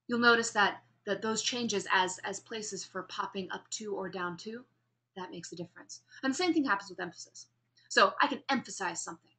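A woman teaching a speech class, lecturing on delivery, showing how pitch and emphasis change, and calling on students with questions. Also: normal speed, sharp tone. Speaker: speech instructor.

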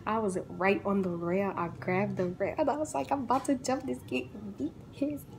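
Lively young woman telling a storytime. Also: medium pitch, moderate pace, vocal fry, noisy background. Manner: animated, acts out the people in her story. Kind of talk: casual storytime vlog.

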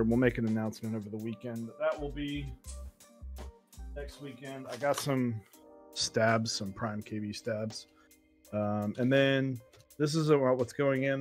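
A man co-hosting a casual talk show, chatting loosely with lots of fillers. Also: medium pitch. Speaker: co-host. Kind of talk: casual chat.

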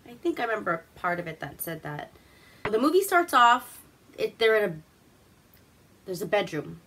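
A woman's voice: mid-range voice, big pitch swings, normal speed, fairly bright tone. A woman from Alaska hosting a casual movie review, rambling through the plot with crude, swearing humor.

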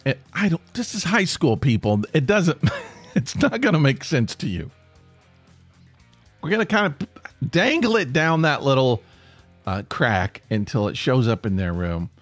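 A man hosting a podcast, telling a funny story in an animated, self-deprecating way and laughing mid-sentence. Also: medium pitch, a little slow, long pauses, no echo, soft background music. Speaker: podcast host. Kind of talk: comic storytelling.

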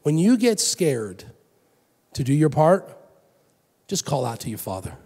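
Pastor, middle-aged man, gravelly and a bit high, dynamic sermon delivery in a reverberant church. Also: measured pace, pauses often. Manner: animated, swings from loud emphatic to soft and hushed. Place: church sanctuary. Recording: long hall reverb.

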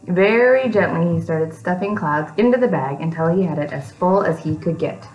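A woman's voice: lowish voice, lively intonation, normal speed, a little mellow, echoey room, poor audio. A woman reading a picture book aloud to young children, breaking off for chatty asides to them.

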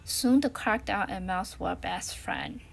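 A woman reading a children's storybook aloud in an expressive way, swinging between loud and hushed. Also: fairly low pitch, moderate pace, vocal fry, background noise. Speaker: storybook reader.

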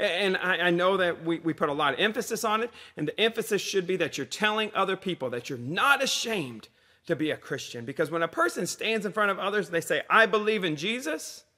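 Pastor, male, slightly higher voice, easygoing sermon delivery. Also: fairly bright tone. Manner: conversational preaching with repeated refrains.

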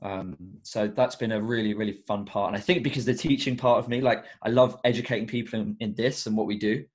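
Earnest young man with a low voice. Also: steady tone, quick pace. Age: young adult. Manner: earnest and reflective, with many fillers. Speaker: guest, education coach. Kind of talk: casual podcast interview.

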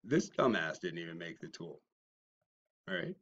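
A man ranting at critics in a response video, mocking and swinging from low muttering to loud shouting. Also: big pitch swings, normal speed, highs cut off. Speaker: YouTuber. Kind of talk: confrontational response video rant.

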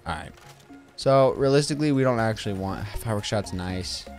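A gaming streamer with a lowish, slightly mellow voice talks a little fast over game music. He jokes and rambles to himself as he plays, giving casual commentary.

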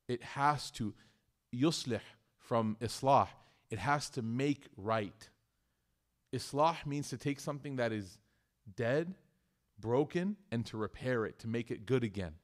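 A man leading a community study circle, giving a casual religious talk that mixes teaching with personal stories. He speaks conversationally and jokes, often restarting his sentences. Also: medium pitch. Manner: conversational and joking, with frequent restarts.

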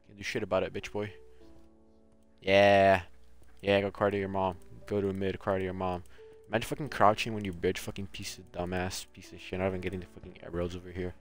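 A man's voice: deep voice, flat delivery, fairly quick, faint music behind. A man streaming a video game, commenting live with casual, profane trash-talk at other players.

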